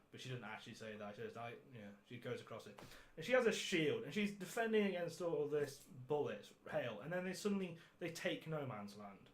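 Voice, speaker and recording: A man's voice: on the high side, sing-song, fairly quick. A man hosting a podcast, reviewing a film in casual chat, sarcastic and ranting, swearing freely and laughing at his own jokes. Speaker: podcast host.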